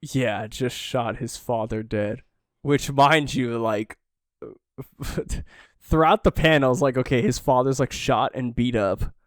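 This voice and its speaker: A man's voice: mid-range voice, takes it slowly, no echo. Male podcast co-host, emotional and sighing, dry close sound. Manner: emotional, sighing, reads dialogue quietly. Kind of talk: casual chat, reading manga panels aloud.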